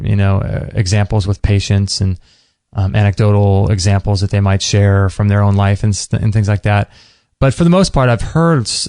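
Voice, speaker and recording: A man's voice: lowish voice, a little mellow, no room sound, clean studio sound. A man hosting a podcast, recapping past episodes in a rambling, casual way and often searching for words. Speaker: podcast host.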